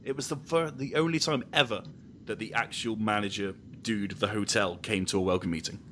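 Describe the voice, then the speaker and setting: Bright-voiced man telling rambling stories. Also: lowish voice, steady tone, brisk, a little hiss or hum. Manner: rambling anecdotes, many ums. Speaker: podcast host. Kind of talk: casual chat.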